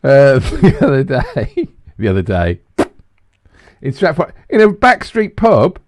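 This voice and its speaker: A man in his forties chatting on a podcast. His pitch swings a lot as he trips over his words and starts his sentences again. The sound is dry and close. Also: wildly swooping pitch, slow, dry recording. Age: 40s. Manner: stumbling restarts, swings from low grumble to high. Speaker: podcast co-host. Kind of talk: casual banter.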